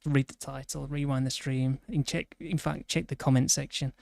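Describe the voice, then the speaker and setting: A Yorkshire man chatting on a game stream, getting worked up and tripping over his own words as he argues. His voice sits at an ordinary pitch and sounds close and dry, with no room around it. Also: fairly even intonation, creaky, a little mellow, no room sound. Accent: Yorkshire English. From Yorkshire, England. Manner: rambling, indignant banter with quick restarts. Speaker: livestreamer. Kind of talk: casual gaming stream chat.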